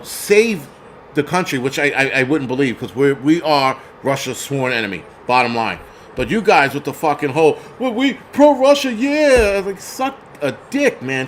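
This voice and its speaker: Shouting and swearing in a high-pitched voice, a man hosting a livestream rants furiously at his chat. Slight background noise can be heard.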